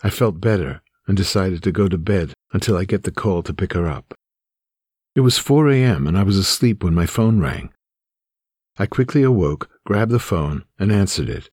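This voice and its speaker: A man's voice: low-pitched, expressive, normal speed, a little mellow, slightly rough, dry recording, clean studio sound. A man reading his own memoir aloud in a somber, earnest way. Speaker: narrator. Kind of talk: memoir narration.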